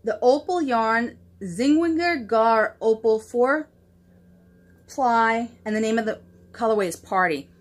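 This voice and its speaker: A woman's voice: a little high, unhurried. Female knitting podcast host, casual and chatty, gushing, self-deprecating. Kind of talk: casual show-and-tell chat.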